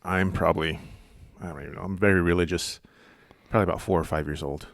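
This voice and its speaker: A man from Colorado spins a comic tale with his very deep voice, lively and self-mocking. The recording is close and dry, with no room sound. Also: fast talker, no echo. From Colorado, USA. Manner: animated, self-mocking storyteller. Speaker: guest comedian. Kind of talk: casual podcast storytelling.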